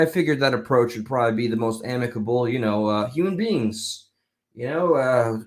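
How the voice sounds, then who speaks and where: This is a man hosting a live stream and chatting casually into a spatial mic. He rambles, drifts between thoughts and often breaks off to start again. His voice sits at an ordinary pitch for a man. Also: roomy sound. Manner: rambling, chatty, stops mid-thought and restarts.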